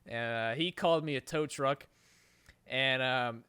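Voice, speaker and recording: Unhurried and smooth, a mid-range male voice carries a long, casual podcast story full of constant swearing. The host rambles through asides with animated, profane energy, and the recording is dry.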